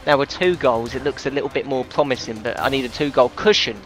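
A man calls his football video game match live, his voice sitting at an ordinary middle pitch. He grumbles, curses and barks at his players. Faint music runs behind him. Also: fast talker. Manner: frustrated, swears often, shouts at players. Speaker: gaming commentator. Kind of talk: live gameplay commentary.

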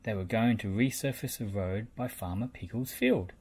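A man reading a children's picture book aloud in a slow, lively storytelling manner. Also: lowish voice, noisy background. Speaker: storybook reader. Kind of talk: children's read-aloud narration.

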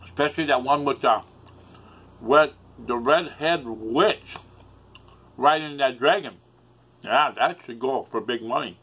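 A man's voice: medium pitch, a little slow, pauses often, a bit bright, a little hiss or hum. A man rambling emotionally in a solo vlog, swearing often and close to tears. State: upset, near tears. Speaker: YouTuber.

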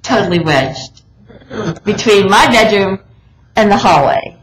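A woman telling an animated, self-mocking story from the pulpit, acting out her own lines. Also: mid-range voice, unhurried. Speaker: speaker at a spiritual center. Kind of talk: casual storytelling sermon. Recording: echoey hall, faint background noise.

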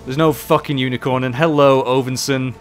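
A man doing casual live commentary while playing, excitable, swearing often and chatting with his viewers. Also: mid-range voice, brisk, faint music behind. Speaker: game streamer.

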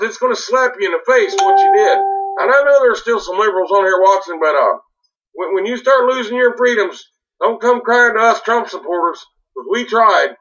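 A man's voice: high voice, bright, forceful tone, highs cut off. A man hosting a casual livestream, rambling through viewer comments and often repeating or stumbling over his words. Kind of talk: casual political livestream talk.

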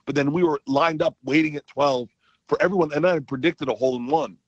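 A comedian guest on a radio morning show, telling excitable stories in casual chat. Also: male voice, a little high, quick pace, husky, no room sound, dull audio. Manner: excitable storyteller, loud impressions.

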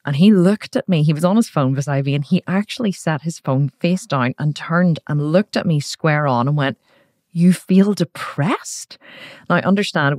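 A woman's voice: sits low, darkish tone, no echo. Woman host, frank and chatty, recorded dry and close. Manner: frank, chatty, swears, quick asides. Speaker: podcast host. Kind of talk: candid personal monologue.

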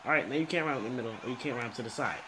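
A young man giving frustrated gameplay commentary, swinging between low muttering and exasperated, swearing outbursts. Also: racing, background noise. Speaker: gaming commentator.

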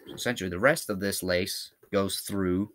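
A Scottish man with a low, bright voice talks through a hands-on tutorial. He is chatty and informal and thinks aloud as he works. The voice keeps a forward, forceful edge. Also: moderate pace. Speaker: how-to video host.

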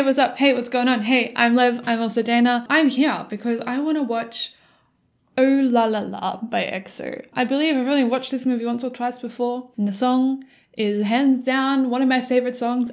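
Young female reaction host, excitable and sweary, slightly high voice. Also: moderate pace. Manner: excitable, giggly, swears often. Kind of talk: casual reaction commentary. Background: music playing.

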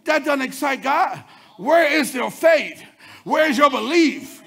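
Male preacher, high and bright, gravelly edge, shouts and sings the lines. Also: expressive. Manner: preaching, swinging from loud chanted shouts to low quick murmurs. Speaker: pastor. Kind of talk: sermon.

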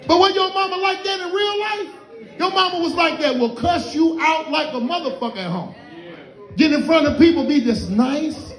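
Middle-aged guy doing stand-up, real high voice, loud and cussing, echoey club. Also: normal speed. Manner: loud, profane, animated storytelling. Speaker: stand-up comedian. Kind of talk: stand-up comedy set. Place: comedy club lounge. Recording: roomy club echo.

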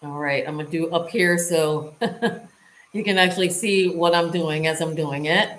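A lifestyle vlogger with a low voice speaks unhurriedly as she casually demonstrates a hands-on task, chatting to viewers while she works. The room echoes, and there's slight background noise.

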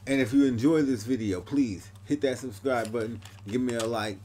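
A man's voice: medium pitch, normal speed, a little mellow. A man hosting a casual TV reaction video, talking in a laid-back, slangy way.

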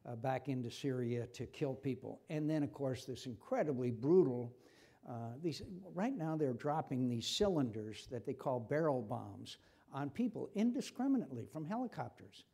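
A man's voice: medium pitch, lively intonation, normal speed, vocal fry, dark tone, husky. An older man with an American accent, answering an interviewer's questions at a public forum, growing impassioned and repeating himself when stirred. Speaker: senator being interviewed. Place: lecture forum before an audience.

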